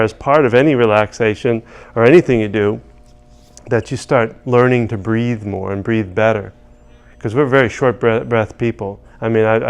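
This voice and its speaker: A man's voice: mid-range voice, clean tone. A man teaching tapping, telling a long rambling story full of restarts and asides. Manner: rambling, many restarts and "you know"s. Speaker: EFT practitioner. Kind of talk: casual teaching with anecdotes.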